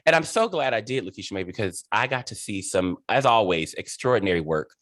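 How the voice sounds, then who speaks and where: Effusive low-voiced man hosting an interview. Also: expressive, a little fast, a bit bright, no echo, studio quality. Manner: emotional, effusive, laughing. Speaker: host and director. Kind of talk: heartfelt interview introduction.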